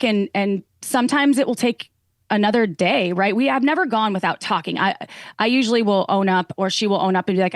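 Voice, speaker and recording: A sex educator appears as a guest on a podcast, speaking earnestly and briskly in a casual chat and acting out the lines she quotes. Her mid-range voice is recorded close and dry, with no room sound.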